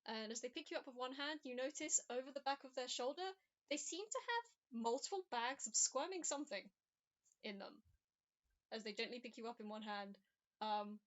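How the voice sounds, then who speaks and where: A woman's voice: a little high, expressive, normal speed. Woman game master, dull audio. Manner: many ums and uhs, descriptive. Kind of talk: narrating a tabletop game.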